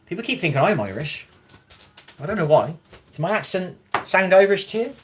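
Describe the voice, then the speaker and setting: A man's voice: high voice, big pitch swings, moderate pace, slight background noise. A man chatting casually on a livestream, answering viewer comments in a rambling, frank way, swearing freely and encouraging his viewers.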